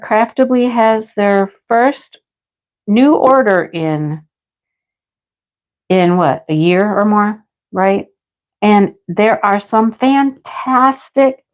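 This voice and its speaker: A chatty woman hosts a relaxed craft livestream. She rambles warmly from topic to topic, laughs often, and greets her viewers by name in a mid-range voice. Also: mid-range voice, dull audio. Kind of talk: casual live chat with viewers.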